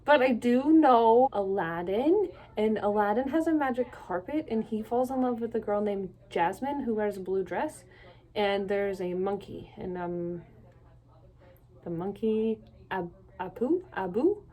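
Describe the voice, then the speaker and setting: A woman's voice: mid-range voice, animated, a little slow, dark tone. A young adult woman from Canada talking to camera in a casual solo vlog, rambling and self-deprecating, laughing often. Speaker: vlogger.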